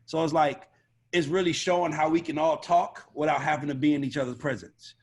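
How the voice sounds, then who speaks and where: A man speaking on a video call as an A&R panelist, blunt, profane and animated in a casual panel discussion. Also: a little high, brisk, breathy edge. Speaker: record label A&R panelist.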